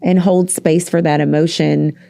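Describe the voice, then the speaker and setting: A woman's voice: low voice, fairly even intonation, moderate pace, vocal fry, warm tone. A young woman hosting a podcast conversation, talking earnestly and building on her guest's points. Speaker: podcast host.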